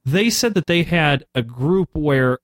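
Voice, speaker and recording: A man's voice: fairly high pitch, unhurried, dry recording. A man co-hosting a gaming podcast, joking and chatty. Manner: joking, animated. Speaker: podcast co-host. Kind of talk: casual chat.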